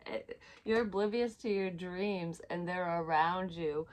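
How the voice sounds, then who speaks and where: A woman's voice: lowish voice, unhurried, slight background noise. A woman giving a casual tarot reading, chatty, swearing freely and laughing at herself. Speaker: psychic tarot reader.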